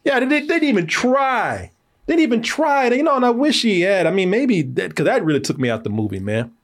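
A man's voice: sits high, big pitch swings, fairly quick. An American man hosting a film review podcast in casual chat. He talks animatedly, laughs often, swears and uses lots of fillers.

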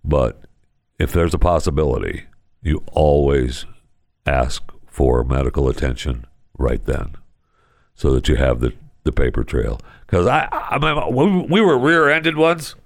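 A man's voice: a bass voice, a little slow, gravelly, dry recording, studio quality. A middle-aged man hosting a talk show, telling a rambling story full of restarts and asides. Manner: animated, digressive storyteller with many restarts. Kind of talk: casual rambling talk and live ad read.

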